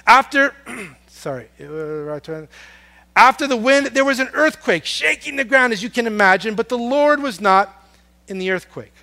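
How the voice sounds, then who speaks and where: A man preaching a sermon, earnest and storytelling, swinging from loud emphasis down to a hush on soft words. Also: high voice, animated, a little slow, long pauses. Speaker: pastor.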